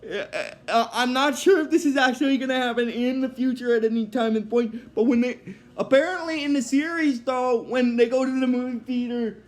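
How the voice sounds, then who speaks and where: A man's voice: extremely high pitch, brisk. A man casually recapping a cartoon episode, rambling and hesitant with many fillers, apologizing when he drifts.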